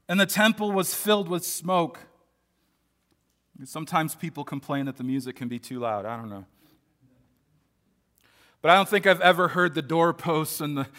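Male pastor, fairly high, bright tone, earnest conversational sermon. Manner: earnest, conversational preaching with frequent restarts.

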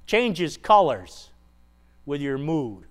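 A man's voice: on the high side, sing-song, extremely slow. A man preaching a sermon, retelling a scripture passage conversationally and asking the congregation rhetorical questions. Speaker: pastor.

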